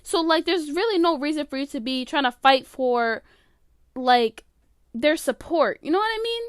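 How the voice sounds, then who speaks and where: A woman's voice: sits high, expressive, moderate pace, no room sound, clean studio sound. A woman hosting a podcast alone, giving casual opinionated commentary full of "like" fillers. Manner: chatty, opinionated, many "like" fillers. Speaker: podcast host.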